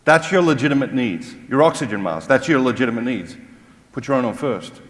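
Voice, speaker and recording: A man's voice: mid-range voice, lively intonation, fairly quick. A man giving a humorous motivational Catholic talk to a crowd, mocking and full of rhetorical questions. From Australia. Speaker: Catholic speaker. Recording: long hall reverb.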